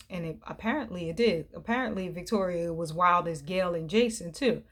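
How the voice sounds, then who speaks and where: A woman's voice: fairly low pitch, brisk, few pauses. Chatty woman recapping a TV drama. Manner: chatty, animated, acts out the characters' lines. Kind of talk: casual chat.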